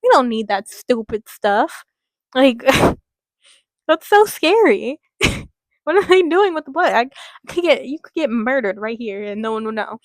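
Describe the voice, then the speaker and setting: A woman's voice: sits high, lively intonation, measured pace, long pauses, no echo. Giggly young woman reading a story. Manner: giggly, rambling asides with filler words. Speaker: story reader. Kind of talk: reading a story aloud with commentary.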